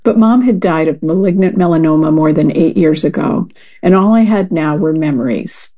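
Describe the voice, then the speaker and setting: A woman volunteer reader reading a magazine article aloud in a calm, measured way. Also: deep voice, muffled recording.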